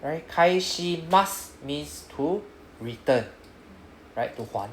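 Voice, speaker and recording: A man's voice: on the high side, animated, measured pace. Man, Singaporean English accent, classroom teacher, checks in with "right?", echoey room, light background hum. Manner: says "right?" after nearly every sentence, coaching students. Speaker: Japanese language teacher. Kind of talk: classroom lesson explaining grammar.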